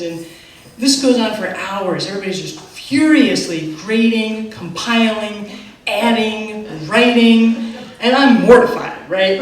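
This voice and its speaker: A middle-aged woman telling a live personal story on stage, animated and self-mocking, with quick asides. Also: medium pitch, a little hiss or hum. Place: theater stage. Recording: echoey theater from far off.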